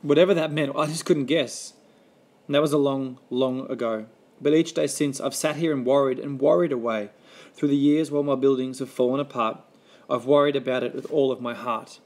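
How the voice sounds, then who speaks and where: A man reading a rhyming children's story aloud with a lively, rhythmic delivery. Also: medium pitch, a little fast.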